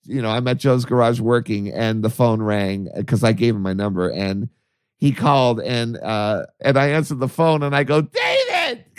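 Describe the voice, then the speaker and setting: Male podcast co-host, lively storyteller who laughs often; dry studio sound. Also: medium pitch, clean tone, no room sound. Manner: animated, laughing, acts out his own excited voice. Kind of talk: casual storytelling.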